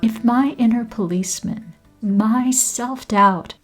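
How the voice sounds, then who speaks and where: Slow, softly whispering woman podcast host. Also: a little high, faint music behind, low-quality recording. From Canada. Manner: slow, soft and intimate, often dropping to a whisper. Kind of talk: scripted reflective narration.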